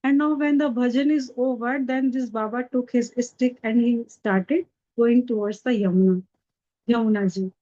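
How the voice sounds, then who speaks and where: A woman spiritual teacher tells a devotional story in earnest, unhurried narration with simple phrasing. Her voice is high and mellow. The recording is dull and lo-fi. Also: fairly even intonation.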